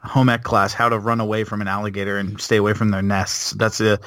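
A man co-hosting a casual sports podcast, with dry, deadpan remarks. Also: fairly low pitch, fast, no echo. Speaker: podcast co-host. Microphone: podcast microphone.

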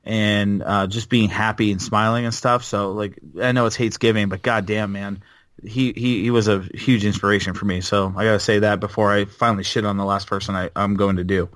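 A man's voice: lowish voice, steady tone, fairly quick, fairly bright tone, no room sound. A man in his thirties co-hosting a podcast in casual chat, blunt and ranting, swearing freely. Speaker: podcast co-host.

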